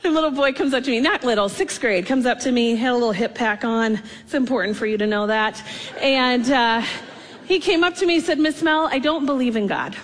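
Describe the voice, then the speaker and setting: A woman who leads chapel at a kids' camp, telling a faith story in an animated way and laughing often. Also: a little high, fairly quick.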